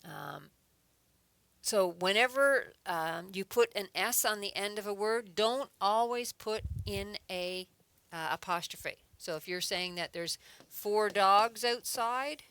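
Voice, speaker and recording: A woman's voice: mid-range voice, slow pace, fairly bright tone, smooth, no echo. A woman teaching an adult English class, patiently explaining grammar step by step with examples and checking in with a frequent "okay.". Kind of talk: recorded adult English lesson.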